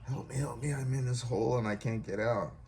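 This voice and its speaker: A man's voice: mid-range voice, brisk, dark tone, slight background noise, voice pushed up, close to an everyday voice. A man doing a panicked man stuck in a pit. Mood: pleading. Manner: pleading, rising cries for help. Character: man trapped in a hole, desperate and pleading.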